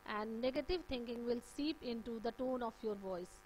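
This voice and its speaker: A woman's voice: fairly high pitch, moderate pace, a little mellow, a little hiss or hum, poor audio. A woman with an Indian English accent giving a classroom lecture, explaining points with many "uh"s and "okay" checks. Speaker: teacher. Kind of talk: classroom lecture on communication skills.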